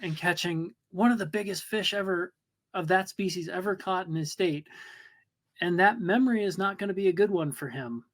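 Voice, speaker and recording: A man's voice: sits high, normal speed. Man musing aloud in casual talk. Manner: reflective, thinking aloud. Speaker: podcast co-host. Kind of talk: casual conversation.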